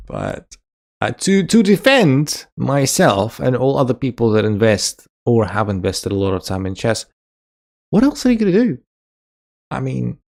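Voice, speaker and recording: Gravelly-voiced joking male streamer. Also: fairly low pitch, darkish tone. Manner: joking, chatty, laughs often, reads chat aloud. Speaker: chess streamer. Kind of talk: casual live-stream chat answering viewers.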